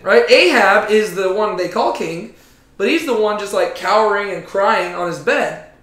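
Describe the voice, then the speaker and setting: Brief: high-pitched man leading a Bible study, chatty, lots of "like", roomy echo. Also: moderate pace. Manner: animated, frequent "like" and "right?". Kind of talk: casual Bible teaching. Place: Bible study room with a group.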